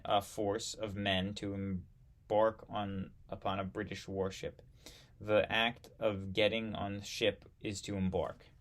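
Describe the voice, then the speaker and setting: A man reading aloud from an old history textbook, halting now and then to correct himself and add brief asides. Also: lowish voice. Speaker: history reader.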